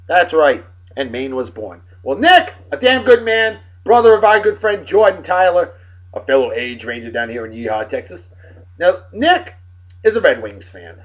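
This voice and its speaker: Man, animated and rowdy vlog host, swinging pitch, dull low-fi audio. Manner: boisterous, swearing banter. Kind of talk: casual shout-outs to friends. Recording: dull lo-fi recording.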